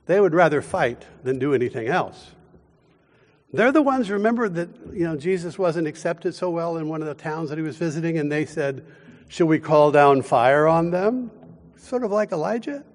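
A man preaching a sermon as pastor, with deliberate, emphatic delivery and dramatic pauses. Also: a little high, animated, big-room sound.

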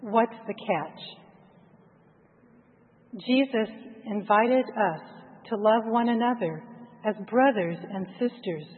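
Slow, hushed woman narrating reflectively. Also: fairly high pitch, husky. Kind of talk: first-person guided meditation narration. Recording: tinny phone-like sound with long reverb.

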